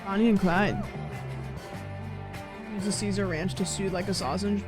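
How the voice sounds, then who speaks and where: A young adult woman with a hoarse, put-on smoker voice, chatting playfully and rambling through jokes on a live stream. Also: mid-range voice, steady tone, normal speed, music in the background. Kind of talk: casual live-stream chat.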